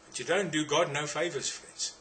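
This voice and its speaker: A South African man preaching a sermon in a fairly high voice. His delivery is emphatic and insistent, circling back on his points and throwing rhetorical questions at his listeners. The tone stays bright and forceful throughout. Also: normal speed.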